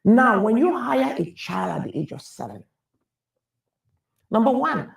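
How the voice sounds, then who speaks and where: A man's voice: high-pitched, sing-song, unhurried, gravelly. A man giving an emphatic public talk, repeating phrases as he builds his point. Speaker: speaker on wealth and taxes. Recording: echoey room from a distance.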